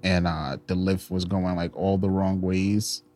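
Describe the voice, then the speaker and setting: A man's voice: low voice, measured pace. A male podcast co-host in casual chat, telling stories and acting out quotes. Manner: animated storytelling, acts out quotes.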